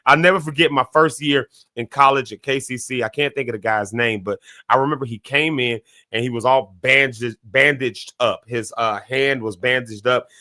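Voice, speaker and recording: A man hosts a morning talk show in a casual, reflective style. His voice is bright and forceful, with a close, dry sound. He tells stories in an animated way, often restarting mid-sentence and leaping up in pitch. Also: normal speed, few pauses, dry recording. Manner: animated storyteller, many restarts, sudden jumps in pitch.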